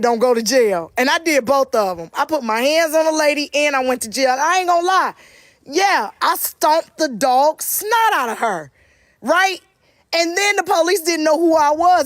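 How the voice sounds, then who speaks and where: Animated woman telling a story, dry sound. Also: high-pitched, no echo. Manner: animated, profane, talks straight to viewers. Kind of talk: casual storytime monologue.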